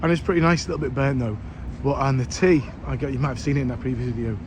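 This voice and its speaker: A man with a mid-range voice speaks very fast in a casual travel vlog. He sounds worn out yet stays chatty and pokes fun at himself, while heavy street and crowd noise plays in the background.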